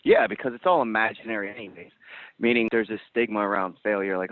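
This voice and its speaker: A man with a lowish voice talks in a loose, animated, blunt way, cursing offhandedly. The sound is dry and narrow, like a phone line. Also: brisk, no room sound. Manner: animated, blunt, swears casually. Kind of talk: casual roundtable chat.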